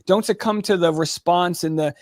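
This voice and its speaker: High-voiced man telling stories animatedly. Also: dry recording, studio quality. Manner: animated storyteller, quick restarts and asides. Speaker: comedian and podcaster, guest. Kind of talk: casual interview storytelling.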